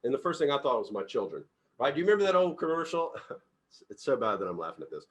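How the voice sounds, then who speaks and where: A middle-aged man leading a casual group book discussion as company CEO, telling stories with lots of laughter and loudly acting out quotes. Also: medium pitch, quick pace. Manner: animated storyteller, laughs often, acts out quotes loudly.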